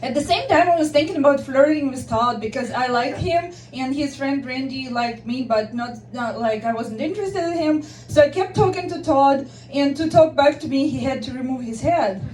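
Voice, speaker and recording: A woman's voice: sits high, normal speed, few pauses, darkish tone. A woman telling a personal story in a chatty way, often laughing as she talks. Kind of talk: personal story told to listeners. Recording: echoey room from far off, faint noise.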